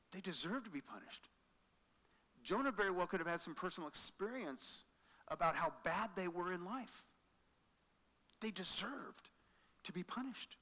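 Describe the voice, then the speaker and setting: A man preaches an animated sermon with a fairly high, bright, forceful voice. He moves from loud passages to hushed emphasis as he makes his points. The sound carries the long reverb of a large church hall. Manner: animated, acts out quoted lines, drops to quiet emphasis.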